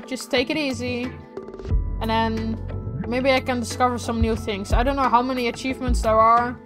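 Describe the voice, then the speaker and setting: A young woman's high voice, soft and teary from crying, talks her way through a game's ending. She speaks in a heartfelt way to the game and to her viewers, and faint music plays under her. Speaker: gaming streamer. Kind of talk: emotional let's-play commentary.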